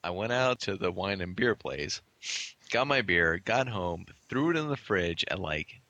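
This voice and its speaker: A man's voice: low voice, animated, unhurried, pushed and bright, no room sound, muffled recording. A man co-hosting a casual chat about beer, laughing often and trailing off into restarts. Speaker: podcast co-host reviewing beer.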